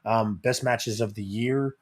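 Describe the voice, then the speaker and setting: A man, a father, co-hosting a podcast in casual chat, talking in halting starts with many fillers. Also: fairly low pitch, steady tone, over a noisy crowd. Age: adult. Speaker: podcast co-host.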